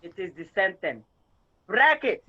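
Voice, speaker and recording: A man's voice: high voice, big pitch swings, unhurried, lo-fi sound. A man teaching an online language lesson, patiently drilling words syllable by syllable over a video call.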